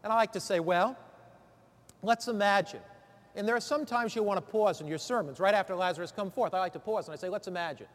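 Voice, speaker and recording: A man's voice: high-pitched, quick pace, in a large hall. A man teaching lay preachers in an emphatic sermon style, drawing answers from his listeners. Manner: emphatic, calls for answers from the room.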